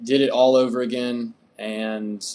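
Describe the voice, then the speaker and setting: A young man from the United States, an interview guest, telling his story in a relaxed, rambling way with many fillers. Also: medium pitch, a little slow. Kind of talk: casual storytelling.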